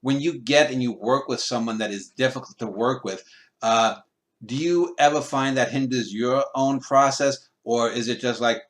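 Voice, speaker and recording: A man's voice: medium pitch, normal speed. A man hosting an interview over a video call, asking long, rambling questions. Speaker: interviewer, host.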